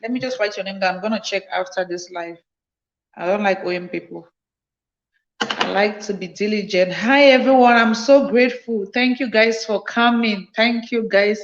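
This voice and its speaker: A medium-pitched woman speaking at a moderate pace hosts a casual livestream on her phone, and the recording is muffled. Tired after her night shift, she greets each viewer as they join and thanks them again and again.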